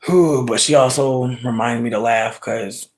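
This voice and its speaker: A man vlogging in a casual storytime rant, peppered with swearing. He jumps between loud, high outbursts and low mutters. His voice sits at an ordinary middle pitch, and he smokes as he talks. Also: fairly even intonation, measured pace. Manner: smokes while talking.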